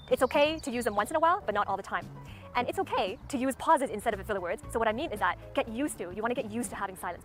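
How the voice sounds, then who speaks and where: A woman coaching viewers on how to speak well, in a clearly enunciated teaching delivery. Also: on the high side. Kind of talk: instructional talk to camera.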